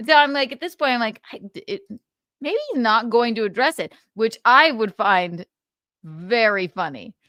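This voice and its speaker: A woman's voice: fairly high pitch, lively intonation, moderate pace, sharp tone, no echo, clean studio sound. A woman hosting a livestream, chatting casually and giggling as she reacts to a clip. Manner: giggly, musing aloud. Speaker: livestream host.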